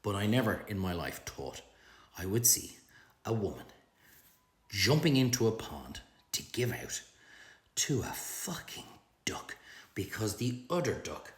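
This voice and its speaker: A middle-aged Irish man delivering a profane comic rant to camera, ranting in an animated, swearing way. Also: measured pace, pauses often. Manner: profane, animated ranting with big pitch swings. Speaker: social media comedian. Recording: roomy echo.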